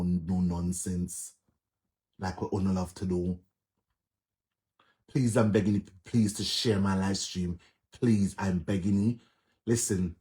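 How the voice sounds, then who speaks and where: Jamaican male live streamer, lowish voice, earnest, pleading, repetitive monologue. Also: dark tone.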